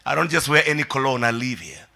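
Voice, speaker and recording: A male pastor gives an energetic sermon in a church, often shouting and asking the congregation to repeat his words. His voice is mid-range and creaky, and he talks at a quick pace.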